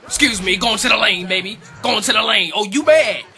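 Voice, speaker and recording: A man's voice: sits high, brisk, vocal fry, bright, forceful tone. A young man giving hyped, trash-talking commentary on his own basketball video game match, repeating his taunts. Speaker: gaming YouTuber. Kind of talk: live gameplay commentary.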